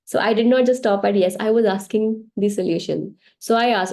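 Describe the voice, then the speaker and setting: Indian English woman, session host; mellow voice, chatty and animated, laughing through her teaching stories. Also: fairly high pitch, a little fast, hardly any pauses. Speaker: meditation session host and healer. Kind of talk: casual spiritual teaching on a live online session. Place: online live session.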